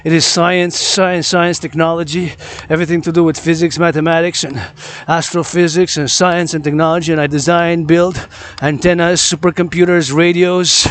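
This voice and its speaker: A man's voice: fairly high pitch, flat delivery, normal speed, hardly any pauses. A man vlogging outdoors on a forested mountain trail, rambling and repeating words and phrases over and over. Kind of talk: rambling vlog monologue.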